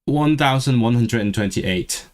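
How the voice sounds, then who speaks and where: A man hosting a casual language livestream, rambling, restarting his sentences and sounding out phrases slowly. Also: mid-range voice, darkish tone. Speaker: language channel host. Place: lives in England, streaming from home.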